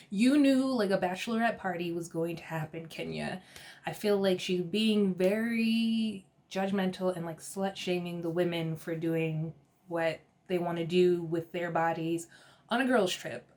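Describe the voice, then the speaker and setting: A woman giving a casual, gossipy recap of a reality TV episode, chatty and quick to laugh. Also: lowish voice, a little mellow.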